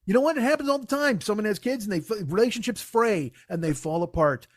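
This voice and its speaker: A man's voice: high-pitched, lively intonation, fast, dry recording, clean studio sound. A man hosting a comedy podcast, ranting in a profane, sarcastic, mocking way. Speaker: podcast host.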